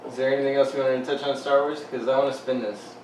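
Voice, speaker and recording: A man's voice: mid-range voice, level tone, fast, a little mellow, slight background noise. A man co-hosting a podcast, chatting loosely with a friend and swearing freely. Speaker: podcast co-host. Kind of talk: casual chat. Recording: roomy, distant mic.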